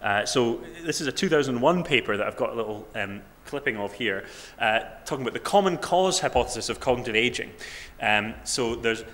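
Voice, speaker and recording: A man's voice: medium pitch, lively intonation, fairly bright tone. Scottish man in his twenties lecturing. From Scotland. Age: 20s. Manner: halting, many fillers and restarts, wry self-deprecating humour. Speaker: researcher giving a talk. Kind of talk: academic conference talk. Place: lecture room.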